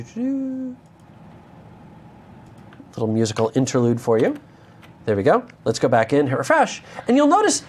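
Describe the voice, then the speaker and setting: An American man teaching a live coding lesson, candid and self-deprecating, with joking asides. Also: very high-pitched. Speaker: instructor.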